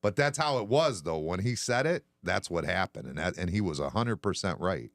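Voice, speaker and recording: A man's voice: low voice, lively intonation, normal speed, no echo, clean studio sound. A man hosting a casual bar-talk live stream, blunt and sarcastic, swearing freely. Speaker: podcast host.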